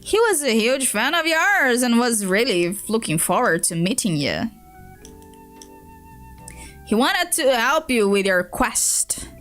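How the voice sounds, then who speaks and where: Woman reading aloud, lively. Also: fairly high pitch, slow pace, pauses often, soft background music. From Brazil. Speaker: streamer. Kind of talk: reading a web comic aloud.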